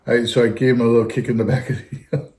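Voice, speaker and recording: Speaking fast in a level, darkish medium-pitched voice, a retired fire captain tells a meandering story in casual chat. He keeps drifting off and returning with "anyhow."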